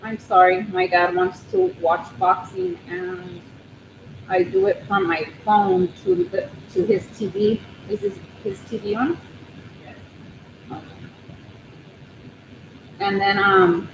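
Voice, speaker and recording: A nervous woman chats with her viewers from her living room, drifting through her thoughts with frequent ums and restarts. She speaks slowly on a phone mic, and the room gives her voice a roomy echo with a steady layer of background noise. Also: mid-range voice, gravelly. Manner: rambling and hesitant, many ums and restarts; nervous, soft-spoken. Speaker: crochet channel host on a livestream. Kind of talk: casual live chat with viewers.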